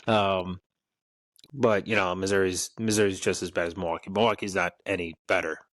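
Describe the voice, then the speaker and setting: A lower-voiced man chats on a podcast, animated and quick to curse. The sound is dry and close, with no room around it. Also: dry recording. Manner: animated, swears a lot. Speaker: podcast co-host. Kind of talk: casual chat.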